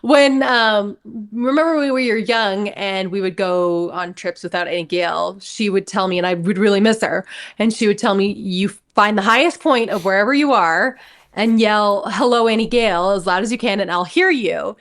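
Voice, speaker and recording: A woman's voice: medium pitch, normal speed, a bit bright. A woman co-hosting a casual podcast chat, reminiscing and laughing often. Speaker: podcast co-host.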